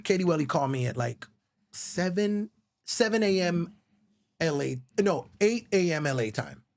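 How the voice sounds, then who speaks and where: A fairly high-pitched, animated man talks at a moderate pace. He's a middle-aged songwriter from the Virgin Islands guesting in a laid-back interview, recounting stories frankly and emotionally with frequent swearing and plenty of bro.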